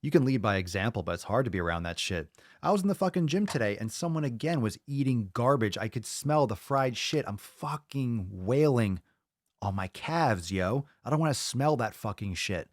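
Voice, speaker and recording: A man's voice: mid-range voice, animated, moderate pace, no room sound, studio quality. A man hosting a fitness podcast in casual chat, ranting bluntly and swearing often. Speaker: podcast host.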